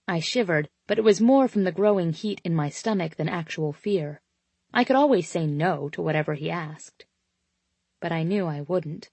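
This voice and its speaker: A woman narrating a romance audiobook in first person, steady and intimate. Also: on the low side, moderate pace, no echo.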